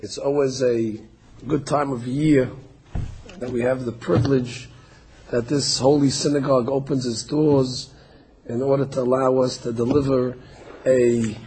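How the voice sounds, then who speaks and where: A man's voice: darkish tone, husky, low-quality recording. A man giving a Torah class in a synagogue, telling the story with dramatic voiced quotes. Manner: storytelling, acting out quotes with rising pitch. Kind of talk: sermon-style Torah lecture.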